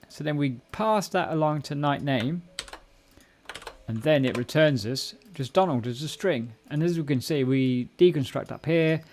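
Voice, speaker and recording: Gravelly man thinking aloud while coding. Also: mid-range voice, a little mellow, a little hiss or hum. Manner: thinks aloud, corrects himself mid-sentence. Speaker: live-stream host learning a programming language. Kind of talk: casual live coding walkthrough. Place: home room at a computer. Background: keyboard typing and clicks.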